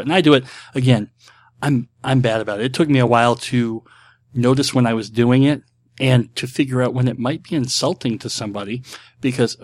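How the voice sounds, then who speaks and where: A man's voice: mid-range voice, darkish tone, no echo. A middle-aged man hosting and answering viewer questions in casual talk. His speech is rambling and reflective, with many restarts and filler words.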